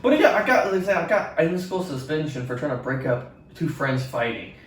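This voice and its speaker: A man's voice: fairly high pitch, fairly quick. A young man telling rambling, profane stories in a casual podcast chat. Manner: rambling, profane, animated retelling. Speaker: podcast co-host. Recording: echoey room from far off.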